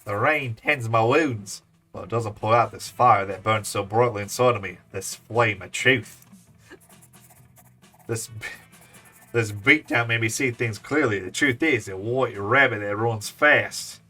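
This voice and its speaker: A man's voice: on the low side, sharp tone, faint music behind. A man putting on a brooding Aussie moth detective. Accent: Australian, put on. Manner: slow, brooding noir narration. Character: down-on-his-luck male moth detective, Australian.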